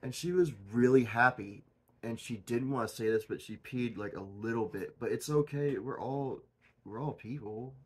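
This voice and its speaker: A man rambles through his comedic vlog in a husky, slightly rough voice. He lurches between shouted excitement and low, mumbled asides, never settling into one level. His pitch stays in an ordinary middle range. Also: moderate pace. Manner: goofy and erratic, swinging from loud outbursts to mumbled asides. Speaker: channel host.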